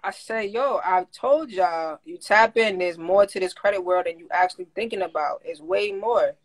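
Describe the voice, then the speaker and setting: A woman coaching listeners on credit in a casual livestream, talking in animated slang and laughing often. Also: medium pitch, moderate pace. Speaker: credit coach teaching a class. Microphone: phone.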